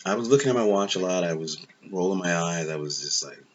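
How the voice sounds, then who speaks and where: Man, movie review host, very low voice, husky, rambling, frustrated, dull lo-fi recording. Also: a little fast, few pauses. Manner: rambling, frustrated, many fillers. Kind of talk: casual spoken film review.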